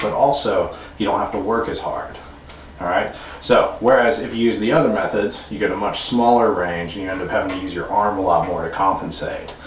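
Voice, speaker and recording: A deep-voiced man talks through a guitar lesson in an easygoing, unscripted way, stopping to restart his sentences and dropping fillers as he goes. He sounds a few steps from the mic, in an echoey room with a faint hum of ambience behind him. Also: distant mic. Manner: relaxed explaining with frequent fillers and restarts. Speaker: guitar teacher. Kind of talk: demonstration lesson.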